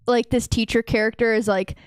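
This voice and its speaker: A woman's voice: fairly high pitch, fairly even intonation, fairly quick, clean tone, dry recording, studio quality. A young woman co-hosting a podcast, chatting casually and bluntly, laughing and swearing freely. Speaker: podcast co-host. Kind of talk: casual chat reviewing a manga.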